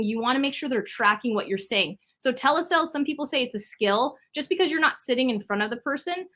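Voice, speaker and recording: Woman sales trainer, bright tense voice, coaching tone, steady okay check-ins. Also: on the high side. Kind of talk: training video walking through a sales script.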